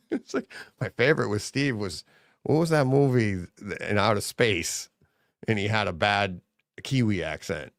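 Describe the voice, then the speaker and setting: A middle-aged man chats casually as host of a live show, spinning stories and jumping into little acted-out quotes between bursts of laughter. His voice has a gravelly rasp and swoops widely in pitch. The sound is dry and close. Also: a little slow, dry recording. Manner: animated, laughs often, acts out quotes. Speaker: livestream host. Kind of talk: casual chat, storytelling.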